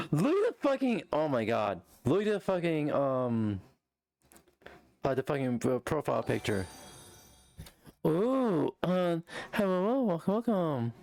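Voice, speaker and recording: A woman's voice: low voice, darkish tone, no room sound. A woman streamer reacting on a live stream, casually, swearing a lot, with frequent fillers and restarts.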